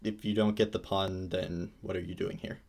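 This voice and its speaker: A man's voice: sits low, level tone, moderate pace, darkish tone. A man chatting casually and teasingly while reading a game with a friend. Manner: teasing, joking. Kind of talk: casual chat.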